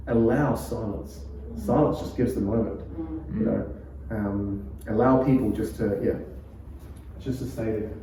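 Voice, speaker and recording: A pastor with a New Zealand accent, teaching a preaching workshop in a calm, conversational way and laughing often. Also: male voice, on the low side, measured pace, a little hiss or hum. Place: church hall. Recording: echoey room, far from mic.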